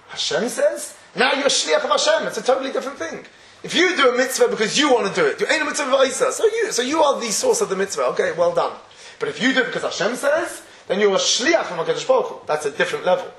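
A man's voice: sits high, a bit bright, echoey room. A man giving a Torah class, conversational and chuckling often as he acts out everyday scenes. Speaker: Torah teacher.

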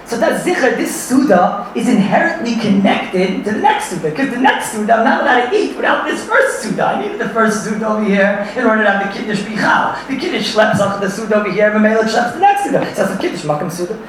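A man leads a lively Torah class for an audience, his voice pitched fairly high and full of laughter as he mixes Yiddish and Hebrew terms into his English. He is recorded from a distance in a very echoey room, with a faint hiss underneath. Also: quick pace, few pauses. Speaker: Torah teacher. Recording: echoey room, far from the mic.

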